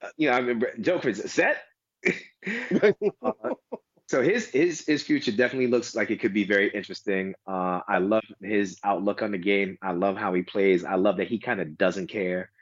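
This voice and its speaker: Low-voiced American man, rambling chat. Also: brisk, dry recording. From United States. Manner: rambling, many restarts, animated asides. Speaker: guest DJ and tennis fan. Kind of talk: casual podcast chat. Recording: dull lo-fi dry sound.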